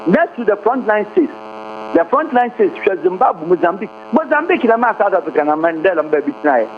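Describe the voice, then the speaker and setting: This radio guest is a man with a high-pitched voice and lively intonation who talks a little fast. Mixing Twi and English, he makes fiery political points and rattles off rhetorical questions over thin phone-line audio with a faint hum.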